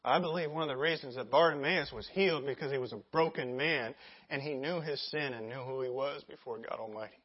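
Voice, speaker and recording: A pastor preaching a sermon in a lively, conversational way, asking the congregation questions and acting out scenes. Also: medium pitch, a little fast, slightly rough, lo-fi sound. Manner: animated, conversational, acts out scenes.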